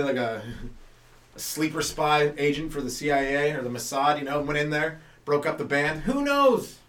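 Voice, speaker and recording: Rambling comedian in an echoey room. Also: male voice, on the high side, fairly bright tone, far from the mic. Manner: loose and meandering, with many fillers and asides. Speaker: stand-up comedian and podcast host. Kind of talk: rambling stand-up monologue.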